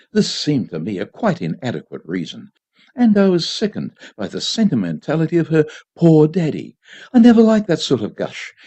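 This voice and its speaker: Expressive male reader, husky voice. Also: mid-range voice. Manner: expressive, dry storytelling. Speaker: volunteer reader. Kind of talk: storybook reading for radio. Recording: dull lo-fi community radio.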